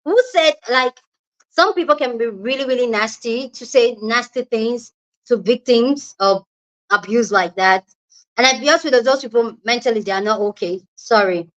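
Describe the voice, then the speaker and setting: A woman's voice: a little high, moderate pace, a bit bright. A young Nigerian woman with a Nigerian accent hosting a casual live chat, greeting viewers by name and giving her opinions. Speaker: livestream host. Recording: lo-fi livestream audio.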